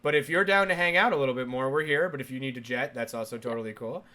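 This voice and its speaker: A man's voice: medium pitch, sharp tone. A man hosting an interview show, chatting casually and laughing often. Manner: laughs often, quick and playful. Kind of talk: casual chat over a video call.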